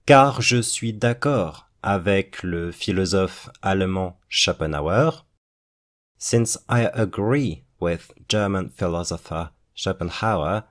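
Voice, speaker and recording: A man teaching a podcast lesson, reading sentences and then translating and explaining them in English. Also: fairly low pitch. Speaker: French teacher. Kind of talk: slow explanatory language lesson.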